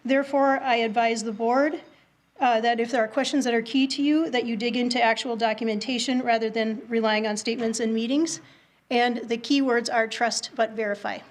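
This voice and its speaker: A woman giving a prepared public comment at a school board meeting, reading from notes in a measured way with small self-corrections. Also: a little high, fairly even intonation.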